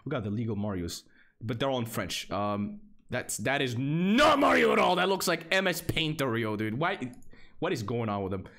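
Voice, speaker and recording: A young man streaming flash games live, excitable and repetitive, swearing often and jumping between flat mutters and sudden high outbursts. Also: moderate pace, creaky. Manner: excitable, repetitive, swears, lively swings in pitch. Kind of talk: live game stream commentary.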